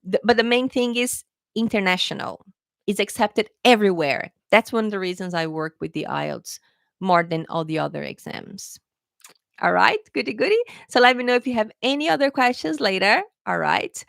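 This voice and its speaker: A woman's voice: mid-range voice, moderate pace, vocal fry, fairly bright tone, dry recording. A woman tutoring English test takers in a casual live question-and-answer lesson, chatty and often adding "okay, guys".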